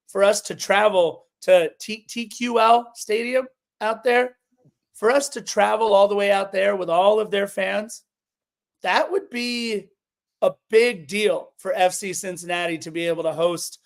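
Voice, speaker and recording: A man co-hosting a casual sports podcast, animated and opinionated as he previews a match. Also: sits high. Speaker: podcast co-host.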